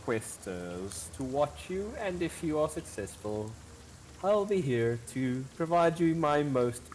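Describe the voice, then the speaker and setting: A man's voice: mid-range voice, a little mellow, a little hiss or hum. A man voicing a smug fey creature who offers bargains in a grand, teasing manner.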